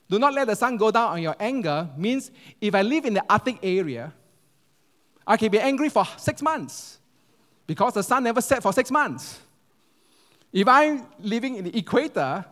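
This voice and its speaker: A man's voice: sits high, a bit bright. A man preaching a sermon, telling stories with humor and asking the congregation questions. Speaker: pastor. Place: church hall. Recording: echoey hall.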